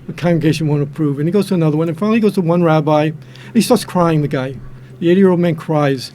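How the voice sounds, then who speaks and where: Fast-talking high-voiced older man. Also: mellow. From New York/New Jersey area. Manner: rambling, repeats and restarts words, acts out quotes. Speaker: guest. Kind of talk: casual chat, telling jokes.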